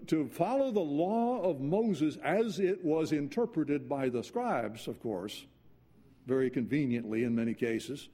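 A man preaching a sermon earnestly, dropping to quiet intensity and then rising into urgent passages. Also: on the high side, slightly rough.

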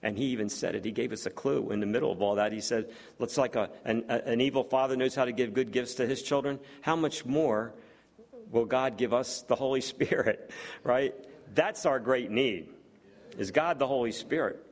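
A man preaches to a congregation in a voice of ordinary pitch. He reads scripture passages aloud between his own remarks. He often puts rhetorical questions to his listeners. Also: steady tone, brisk, vocal fry, darkish tone. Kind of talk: sermon.

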